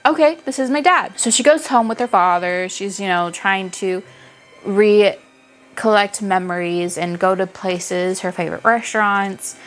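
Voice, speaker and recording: A young woman reviewing books in a casual, animated chat, gushing and swearing freely. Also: mid-range voice, unhurried, faint music behind. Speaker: book reviewer.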